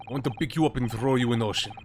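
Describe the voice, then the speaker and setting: A man voicing a gruff, haughty male ship's guard who speaks broken English. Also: medium pitch, racing, natural voice. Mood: curt. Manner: broken English, curt and dismissive. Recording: steady background noise.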